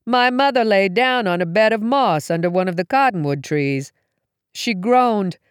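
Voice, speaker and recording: A woman reads a first-person story aloud, taking her time and shaping each line dramatically. Her pitch rises and falls in a lively way. The sound is dry, with no room echo. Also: a little slow, clean tone. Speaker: audiobook reader.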